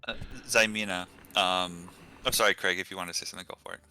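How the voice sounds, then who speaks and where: A man narrating a tabletop game as game master, relaxed and full of fillers, over an online call. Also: low voice, fast talker, soft background music. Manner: relaxed, filler-heavy narration with easy laughs. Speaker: dungeon master.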